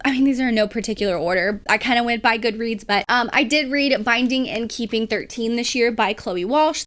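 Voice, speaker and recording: Young female vlogger, slightly high voice, gushing casual book talk. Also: a bit bright. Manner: chatty, gushing, filler-heavy with likes and ums. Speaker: booktube host. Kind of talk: casual book review chat.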